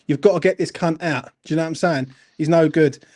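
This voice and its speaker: Furious sweary man ranting fast. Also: fairly high pitch, darkish tone. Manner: angry, sweary, repeats "do you know what I'm saying". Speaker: fan channel host. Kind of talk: heated football fan rant.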